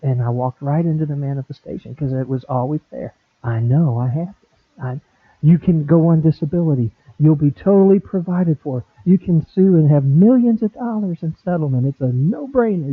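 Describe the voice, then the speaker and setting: Animated preaching man, tinny thin sound. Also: medium pitch, no room sound. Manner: animated preaching with acted-out quotes. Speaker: pastor. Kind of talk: sermon. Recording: dry, tinny phone-like sound.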